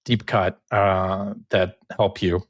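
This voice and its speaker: Man co-hosting a podcast, relaxed and hesitant. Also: low voice, slow, dry recording, clean studio sound. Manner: relaxed, hesitant, frequent uh fillers. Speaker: podcast co-host presenting news. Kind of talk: casual chat.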